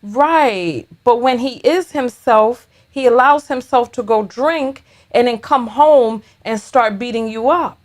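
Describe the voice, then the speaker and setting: Woman reaction host, high voice, sassy and blunt comebacks. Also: slow, few pauses. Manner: sassy, blunt, animated retorts. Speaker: reaction commentator. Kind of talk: reaction commentary on a video.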